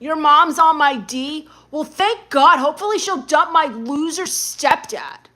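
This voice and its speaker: High-voiced sarcastic woman streamer. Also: measured pace, sharp tone. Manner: sarcastic, mocking. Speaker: live streamer. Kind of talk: live stream chat reading.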